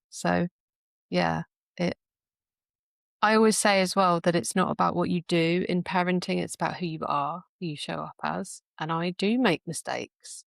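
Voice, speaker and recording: A woman's voice: lowish voice, creaky, no echo, studio quality. A woman in casual podcast conversation, telling reflective stories with frequent laughs. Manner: reflective storytelling, laughs often. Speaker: podcast speaker.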